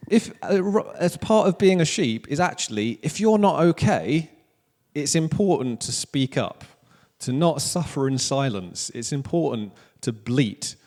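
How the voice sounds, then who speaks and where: Joking Welsh pastor in a reverberant church. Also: male voice, fairly high pitch, darkish tone. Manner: casual, joking, self-deprecating preaching. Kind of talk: sermon. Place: church hall. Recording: long church hall reverb.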